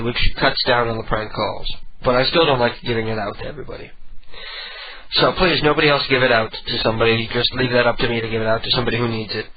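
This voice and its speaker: A man hosting an internet radio show, chatting casually in a rambling, self-deprecating way. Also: mid-range voice. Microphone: home phone and studio mic setup. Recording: dull lo-fi internet radio audio.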